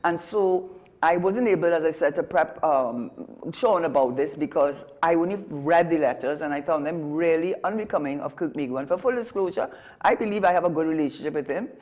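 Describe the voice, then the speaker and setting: A woman's voice: deep voice, a little fast, a little mellow. A woman with a Trinidadian accent giving emphatic political commentary as a talk show guest, often correcting herself mid-sentence. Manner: emphatic, argumentative, frequent self-corrections.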